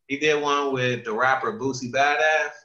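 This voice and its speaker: A man chatting casually, retelling a story with animated quoting and plenty of swearing. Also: medium pitch, moderate pace. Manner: animated storytelling, retells quotes with lots of profanity. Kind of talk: casual chat. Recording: echoey room, dull lo-fi sound.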